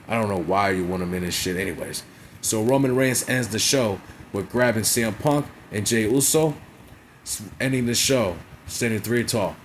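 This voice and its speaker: A man's voice: fairly low pitch, a little hiss or hum. A man casually recapping a wrestling show in a vlog, blunt and profane, constantly checking in with "right?" and "you feel me?".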